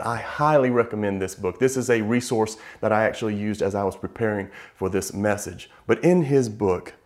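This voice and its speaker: A man preaching a sermon, emphatic, slowing down to stress key words. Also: on the low side, a little mellow.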